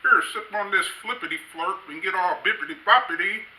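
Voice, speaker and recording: A man's voice: high voice, fairly quick, bright, forceful tone, far from the mic, pitched above the performer's own voice. A man impersonating a sleazy older man who croons goofy nonsense words, on a roomy stage. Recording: roomy stage sound, faint ambience.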